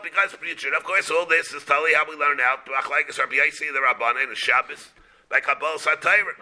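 A rabbi delivers a Talmud class in a strikingly bright, tense voice that sits fairly high for a man. He talks haltingly, restarts and repeats words, and weaves Hebrew and Aramaic terms into plain English.

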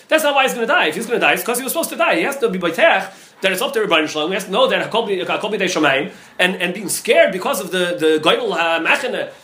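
A man, a rabbi, teaching a Talmud lesson, talking fast and repeating himself, with many Hebrew and Yiddish terms mixed in. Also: high-pitched, bright, forceful tone. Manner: rapid, repetitive, heavy with Hebrew and Yiddish terms. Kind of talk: Talmud class lecture.

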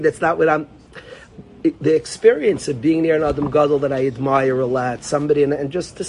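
A man's voice: on the high side, darkish tone. A man teaching an informal Torah class, talking conversationally, repeating phrases and calling on students by name.

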